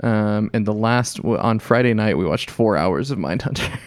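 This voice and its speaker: A man co-hosting a casual chat, explaining things haltingly with fillers and self-corrections. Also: lowish voice, animated, no echo. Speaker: podcast co-host.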